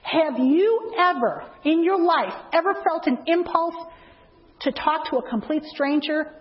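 A high-voiced woman preaches to a congregation and tells a story from her own life. She keeps asking the listeners questions and acts out each part of the dialogue. The recording is dull and lo-fi. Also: lively intonation, a little slow. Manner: asks the audience questions to keep them involved. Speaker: church speaker. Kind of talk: sermon with a personal testimony.

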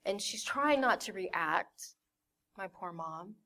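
A woman's voice: mid-range voice, expressive, slow, bright, forceful tone. Candid woman telling her life story. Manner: candid, acts out family voices. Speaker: church member giving a testimony. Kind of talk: personal testimony storytelling.

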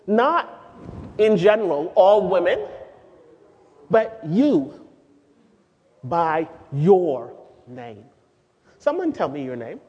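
A woman giving a sermon-style teaching to a group of women, lively and asking the audience questions. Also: lowish voice, slow pace, long pauses, slightly rough. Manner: animated, asks the audience questions, sings out quoted lines. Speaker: speaker at a women's gathering. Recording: dull lo-fi recording with long hall reverb.

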